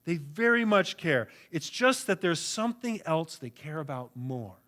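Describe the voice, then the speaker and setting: A man preaching a sermon with an earnest, emphatic delivery. His voice sits a little higher than most men's, and he often repeats words as he builds to his point. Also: sing-song, moderate pace, a bit bright. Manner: earnest, emphatic preaching with frequent word repetitions. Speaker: pastor.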